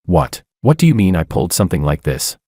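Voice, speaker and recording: A man's voice: deep voice, very animated, fast, warm tone, slightly rough, dry recording, clean studio sound, heavily acted. A man voicing a stung, disbelieving young wife. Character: hurt, proud young wife on her birthday.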